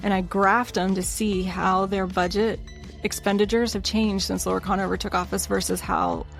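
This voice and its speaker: A woman's voice: medium pitch, little pitch movement, normal speed, vocal fry, soft background music. Chatty woman podcast host. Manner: chatty and self-deprecating. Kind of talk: casual chat.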